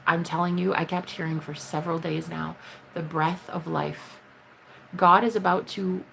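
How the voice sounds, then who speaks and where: Gravelly-voiced woman chatting on a live stream. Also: slight background noise. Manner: chatty and blunt, swears freely; greets viewers in high excited bursts. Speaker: livestreamer. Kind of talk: casual live-stream chat with viewers.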